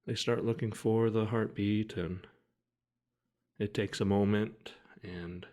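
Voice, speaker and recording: A man telling a personal story to the camera in a quiet, heavy way, halting often and restarting his sentences. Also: on the low side, steady tone, muffled recording. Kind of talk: personal account told to camera.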